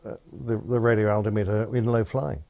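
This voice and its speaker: A man's voice: fairly low pitch, fairly even intonation, a little fast, gravelly, warm tone. Polite male podcast interviewer. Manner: polite, prompting, hesitant fillers. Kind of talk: interview questions.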